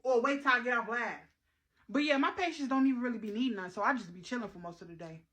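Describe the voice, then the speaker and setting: A woman plays a brash, careless young nurse who livestreams through her shift, talking in a high, bright, quick voice. Her manner is slangy and flippant, and it all sounds like a comedy skit. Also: lightly acted.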